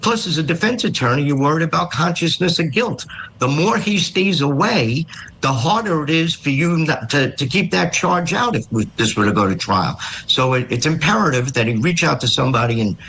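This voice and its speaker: A man who is a defense attorney, explaining legal steps in a measured way. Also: fairly high pitch, expressive, a bit bright, slight background noise, rough recording.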